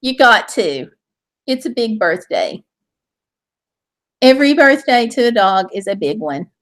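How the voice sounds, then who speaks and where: A woman's voice: a little high, sing-song, measured pace. A woman hosting a casual live stream from home, with a Southern US accent, cheerfully reading viewer comments aloud.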